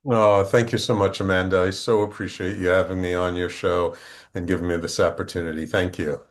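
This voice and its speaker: A middle-aged man, a podcast guest, talking in a relaxed conversational way, acting out quoted dialogue as he tells a story, with frequent restarts. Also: deep voice, brisk.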